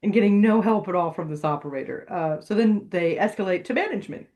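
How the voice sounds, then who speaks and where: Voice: medium pitch, darkish tone. Wry podcast co-host, conversational. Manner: wry, conversational, quick agreeing interjections. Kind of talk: casual chat about a radio drama.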